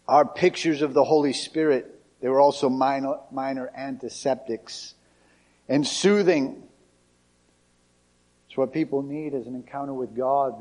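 A man's voice: mid-range voice, a little mellow. A male pastor preaching a sermon in a conversational, emphatic way.

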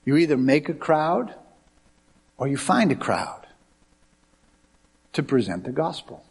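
A middle-aged man from the United States preaching a sermon as a pastor, telling lively stories with quoted dialogue. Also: on the high side, unhurried, husky. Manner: animated anecdotes with quoted dialogue. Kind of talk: sermon with storytelling.

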